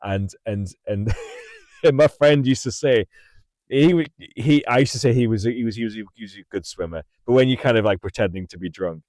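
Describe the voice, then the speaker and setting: Hosting his livestream from a parked car, an Englishman in middle age spins a rambling, casual story, frequently laughing and repeating himself. He speaks at normal speed in a lowish, slightly mellow voice, and the in-car mic gives a dry recording.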